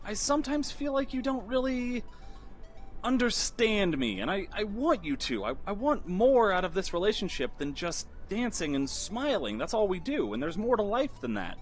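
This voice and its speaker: A man's voice: high-pitched, very animated, moderate pace, soft background music, pitched above the performer's own voice. Man doing a wistful young Cinderella voice. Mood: pleading. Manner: hinting, pleading, then impatient.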